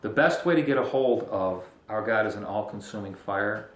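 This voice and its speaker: A man's voice: lowish voice, expressive, moderate pace, reverberant, slight background noise. A man preaching a casual, conversational sermon as pastor, joking and breaking into emphatic bursts.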